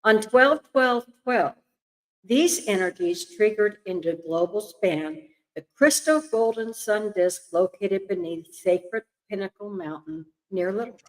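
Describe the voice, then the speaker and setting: Older woman reading aloud haltingly. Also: mid-range voice, lively intonation, low-quality recording. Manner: reads haltingly, coughs, apologizes, chatty asides. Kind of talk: casual reading and chat.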